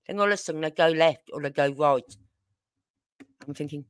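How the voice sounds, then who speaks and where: A woman's voice: sits low, a little fast, long pauses, no echo, studio quality. An older woman from Birmingham with a Brummie accent, hosting a livestream in a rambling, chatty way with exasperated asides. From Birmingham, England. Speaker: true crime livestream host. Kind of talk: casual chat.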